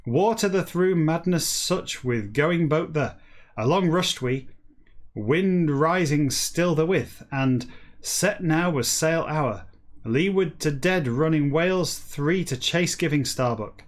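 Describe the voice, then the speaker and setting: A man hosting a comic show, reading a text backwards in a deadpan voice and breaking off for dry, self-mocking asides. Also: on the high side, slow pace. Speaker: host reading a novel backwards.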